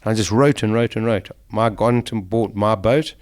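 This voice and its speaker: A middle-aged man speaks as an interview guest, recounting his ordeal vividly and with feeling. His voice sits a little low. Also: moderate pace, darkish tone. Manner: emotional, vivid retelling of a survival ordeal. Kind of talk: storytelling in an interview.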